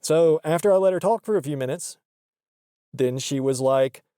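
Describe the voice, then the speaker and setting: A man's voice: on the high side, normal speed, dark tone, smooth, no echo, studio quality. A man in a comedic monologue, ranting defensively and justifying himself with insistent repetition. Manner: defensive, self-justifying, repeats for emphasis. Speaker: comedic character host.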